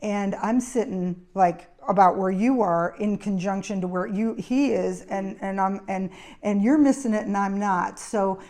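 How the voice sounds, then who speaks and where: A woman's voice: mid-range voice, measured pace, darkish tone. A middle-aged woman, an occupational therapist hosting her own show, giving casual advice and telling anecdotes in a chatty way. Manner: chatty storyteller, anecdotes with acted quotes. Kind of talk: casual advice talk to camera.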